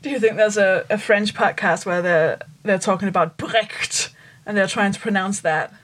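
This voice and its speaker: A woman's voice: mid-range voice, moderate pace. Playful woman podcast co-host. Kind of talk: casual chat.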